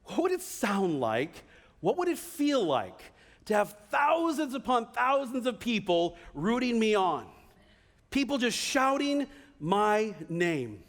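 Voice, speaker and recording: A man pastor preaching a sermon in a church, animated, now and then acting out the voices of people cheering. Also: sits high, takes it slowly. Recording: reverberant church hall.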